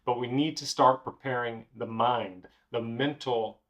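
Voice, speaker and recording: Male co-host, mid-pitched, direct instructive casual talk, drives points home. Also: steady tone, unhurried. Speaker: co-host, pianist and music director. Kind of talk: casual chat.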